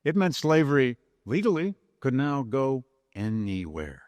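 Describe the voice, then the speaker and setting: An older man, a history professor, giving a university lecture with lively storytelling and dramatic read-out quotes. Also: medium pitch, a little slow, no echo. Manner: storytelling lecturer, animated quoting of historical speeches. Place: large chapel lecture hall.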